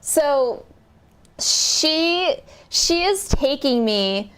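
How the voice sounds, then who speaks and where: A young woman chats straight to camera, telling a long story in a casual vlog. She talks in an animated, unfiltered way, cursing and laughing often. Her voice sits a little high for a woman. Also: drawn-out words. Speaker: vlogger.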